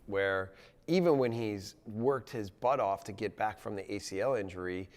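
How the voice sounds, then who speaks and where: A man from the United States, a national soccer team coach, answering in a TV news interview in an earnest, halting way with frequent restarts. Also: lowish voice, long reverb tail.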